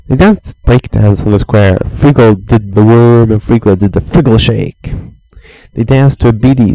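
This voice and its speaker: A man's voice: on the low side, moderate pace, vocal fry, warm tone, dry recording, poor audio. Playful man telling a bedtime story. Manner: playful, meandering, with sound effects and chants. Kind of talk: improvised bedtime story for a child.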